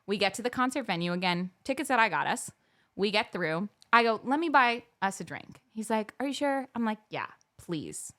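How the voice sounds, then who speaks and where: A woman's voice: medium pitch, normal speed. A young woman co-hosting a podcast, telling a story in casual chat and acting out the quoted lines. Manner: animated, acts out quoted dialogue. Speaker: podcast co-host.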